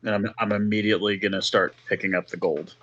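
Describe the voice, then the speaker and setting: Tabletop player, male, low voice, stumbles over words, lo-fi muffled mic. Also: little pitch movement, a bit bright. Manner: halting, restarts words. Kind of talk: casual tabletop play. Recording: dull lo-fi mic.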